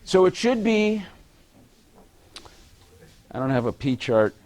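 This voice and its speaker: A man's voice: high voice, big pitch swings, takes it slowly, darkish tone. A man giving a university lecture, quizzing the audience and joking as he goes. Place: lecture hall.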